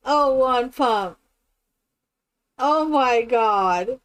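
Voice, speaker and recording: A woman's voice: a little high, lively intonation, very slow, clean tone. A woman streaming a game live, chatting casually with viewers in a rambling, exclamatory way. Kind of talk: casual live-stream chat while playing.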